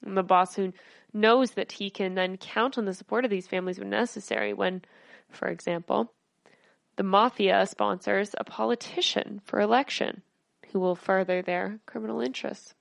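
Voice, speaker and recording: A woman's voice: medium pitch, fairly even intonation, moderate pace, gravelly, no room sound. A woman podcast host reading news stories aloud, her speech slightly slurred.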